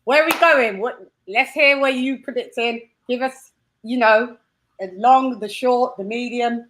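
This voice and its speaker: A woman's voice: on the high side, a little slow, fairly bright tone, slight background noise. A woman from the United Kingdom hosting a live stream, bubbly and chatty, laughing often. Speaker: host. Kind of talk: casual live-stream chat.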